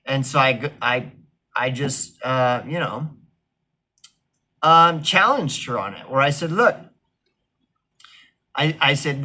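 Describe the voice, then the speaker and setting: A man's voice: medium pitch, animated, slow pace, pauses often, sharp tone. A man telling a casual, rambling story, swearing often and packing his talk with fillers. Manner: rambling, profane, full of fillers.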